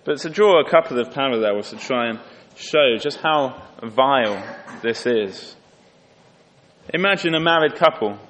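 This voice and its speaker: A man preaching a sermon earnestly, lifting his voice for emphasis and dropping low and quiet on solemn points. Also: expressive, measured pace, slight background noise. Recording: long hall reverb.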